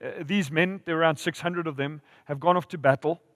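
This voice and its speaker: A man with a fairly high voice delivers a church sermon, telling stories with swelling and falling volume. His voice is close and dry, yet a long reverb trails off in the church hall around him. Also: a little fast. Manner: storytelling with lively rises and drops in volume. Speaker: pastor.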